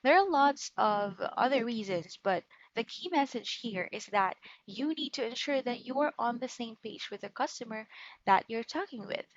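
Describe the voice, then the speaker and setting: A woman's voice: on the high side, expressive, normal speed, no room sound, muffled recording. A woman leading an online call center training lesson, walking through quiz answers and often checking in with "right?" and "okay?".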